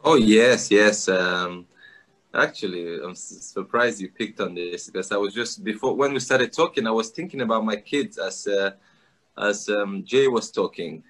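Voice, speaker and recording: A man who grew up in Nigeria, chatting casually as a guest with animated, laughing asides. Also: fairly low pitch, normal speed. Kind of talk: casual chat.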